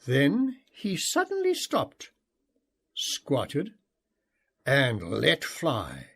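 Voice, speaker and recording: A man narrating a memoir audiobook in an expressive storytelling manner. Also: on the high side, slow. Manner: expressive, acts out shouted and excited dialogue.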